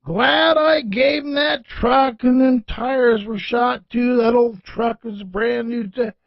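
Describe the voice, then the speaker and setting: A man's voice: extremely high pitch, fairly even intonation, takes it slowly, gravelly, no echo, lo-fi sound, voice pushed up, exaggerated voice. A man doing a kindly, folksy old gas station owner. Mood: chatty. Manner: homespun drawl with "ain't".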